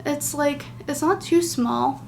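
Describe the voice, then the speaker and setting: A woman's voice: high-pitched, takes it slowly, creaky, slight background noise. A woman hosting a knitting podcast, chatting casually and gushing, with lots of fillers. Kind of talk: casual chat.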